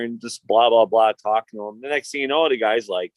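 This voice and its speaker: A man's voice: mid-range voice, quick pace, dry recording. A man, telling stories in casual, profane, rambling chat as a podcast host. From Chicago. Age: 50s.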